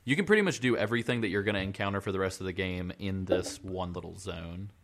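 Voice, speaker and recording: A man co-hosting a casual podcast, explaining game details at length in a relaxed way with fillers. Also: low voice, quick pace. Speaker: podcast co-host. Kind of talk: casual chat about a video game.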